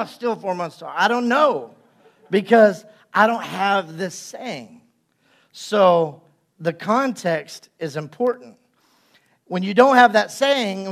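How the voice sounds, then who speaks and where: A man with a notably high, light voice preaches to his congregation in a loose, conversational way. He breaks into playful acted-out asides and quick jokes. His delivery swings between easy chat and teaching. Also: creaky. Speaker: pastor. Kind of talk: sermon.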